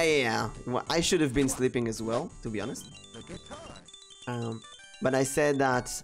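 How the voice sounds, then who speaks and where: A man streaming a game and chatting casually with friends, teasing and laughing often. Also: mid-range voice. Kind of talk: casual let's-play chat.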